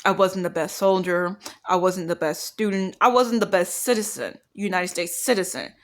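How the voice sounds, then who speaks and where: A woman's voice: lowish voice, normal speed. A woman in her forties talking to camera in an agitated, repetitive rant, with a speech impediment that shows when she gets emotional. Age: 40s. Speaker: vlogger.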